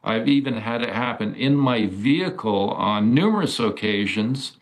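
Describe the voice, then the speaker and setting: A man's voice: mid-range voice, expressive, normal speed. A man talking casually as an interview guest, with hesitant speech full of fillers and restarts. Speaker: guest describing encounters.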